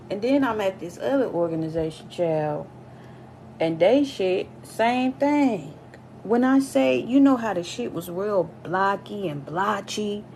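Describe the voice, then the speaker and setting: A woman vlogger telling a casual storytime rant, animated and profane, her voice jumping high and loud when she gets worked up. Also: normal speed, slight background noise, rough recording.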